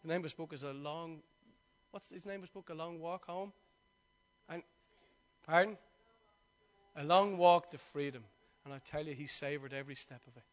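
A man, a pastor preaching a sermon and telling personal stories in a lively, chatty way. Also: fairly high pitch, moderate pace, pauses often. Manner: lively storytelling, chatty and conversational.

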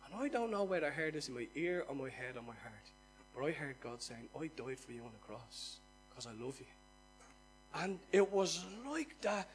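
A man's voice: high voice, husky, low-quality recording. A middle-aged man preaching a sermon, earnestly telling his own conversion story and asking the listeners questions. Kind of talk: sermon with personal testimony.

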